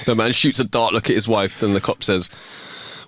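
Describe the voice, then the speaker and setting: A man co-hosting a comedy podcast, telling jokes in an animated way and stammering a little when he chats. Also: on the low side, normal speed, no room sound. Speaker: podcast co-host. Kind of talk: reading jokes aloud, casual chat.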